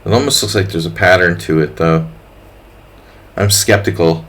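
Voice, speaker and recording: A man's voice: sits low, moderate pace, fairly bright tone. A man commentating his own online chess games to viewers in a jokey, casual way, teasing opponents with playful asides. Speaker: chess streamer. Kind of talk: casual commentary while playing.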